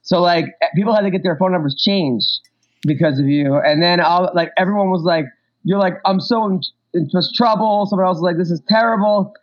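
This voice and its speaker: Guy with a pretty high voice chatting easy about old gigs, kinda muffled lo-fi sound. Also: fairly quick. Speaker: stand-up comedian, podcast host. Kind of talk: casual chat. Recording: dull lo-fi sound.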